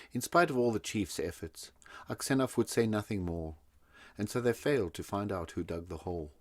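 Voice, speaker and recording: Deep voiced guy reading a story aloud, steady, dry recording. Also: moderate pace, dry recording. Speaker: audiobook narrator. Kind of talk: scripted narration.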